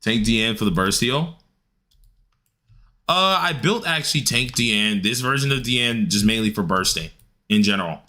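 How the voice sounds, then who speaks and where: A man's voice: mid-range voice, expressive, normal speed, sharp tone. A man streaming a game, chatting casually with his chat in a laid-back, slangy way and laughing often. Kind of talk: casual livestream chat while gaming.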